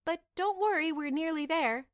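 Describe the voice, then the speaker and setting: A woman's voice: very high voice, normal speed, no room sound, studio quality, pitched above the performer's own voice. A woman voicing a young, kind serving girl who talks in a polite, eager way. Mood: cheerful. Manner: bright, eager, gently correcting.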